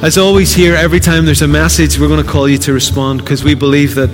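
A man's voice: on the high side, little pitch movement, fast, in a large hall, music in the background. A man from Northern Ireland preaching a sermon as pastor, earnest and exhorting, putting direct questions to the congregation. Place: church hall.

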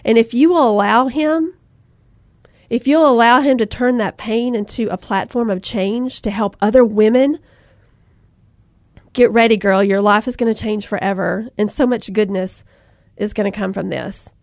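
A woman's voice: a little high, normal speed, no echo, clean studio sound. A woman hosting a faith-based podcast, chatting and speaking encouragement with emotion. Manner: warm, emotional, preaching encouragement. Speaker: podcast host.

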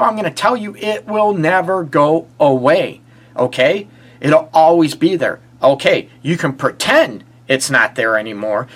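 A man's voice: high-pitched, a bit bright. Earnest man giving relationship advice. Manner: earnest, repetitive, asks rhetorical questions. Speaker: relationship therapist hosting a live stream. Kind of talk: casual advice talk to a live audience.

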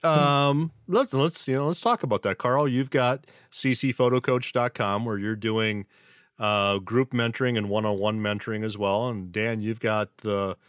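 A man's voice: lowish voice, a bit bright, clean tone, no echo, studio quality. A man hosting a casual podcast chat, joking and rambling with self-mocking asides. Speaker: podcast host.

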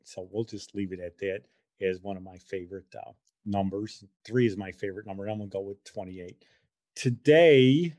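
Chatty mellow-voiced man in his sixties. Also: fairly low pitch. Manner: chatty, rambling, homespun. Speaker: podcast host. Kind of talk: casual podcast monologue.

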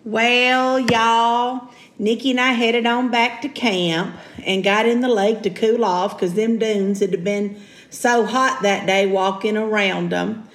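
A woman's voice: on the high side, fairly even intonation, takes it slowly. A woman narrating a podcast segue in a folksy, friendly way. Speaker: podcast host. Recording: roomy echo.

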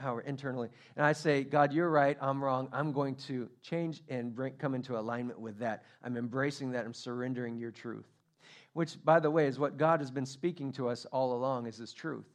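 A man preaching a sermon as pastor, telling a story with animated, acted-out quotes. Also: medium pitch.

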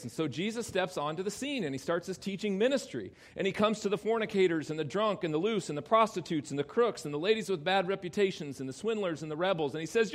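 A man preaching a sermon as a pastor, talking emphatically and swinging between loud exclamations and quiet low asides. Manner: addresses children in the congregation directly.

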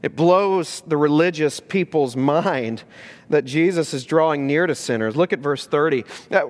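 A male pastor preaching a sermon, lively and emphatic, asking rhetorical questions and dropping low and earnest for serious points. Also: moderate pace. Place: church sanctuary. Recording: long hall reverb in a church.

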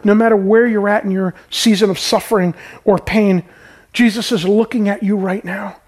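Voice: mid-range voice, fairly even intonation, moderate pace, darkish tone. A pastor preaching a sermon with urgency, repeating key lines and calling on the listeners to respond.

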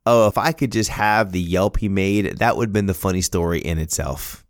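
A middle-aged man hosting a podcast, telling a story in a casual, animated, self-amused way. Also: low voice, moderate pace. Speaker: podcast host.

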